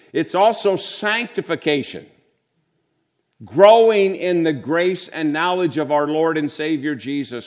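An older man preaching a sermon to a congregation in a conversational style, sometimes mimicking voices for effect. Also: a little high.

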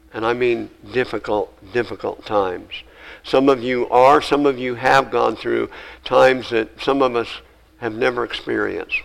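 Male pastor, gravelly mid-pitched voice, earnest sermon delivery with scripture readings. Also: rough recording. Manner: earnest preaching, reads scripture aloud, rises to emphatic lists. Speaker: preacher.

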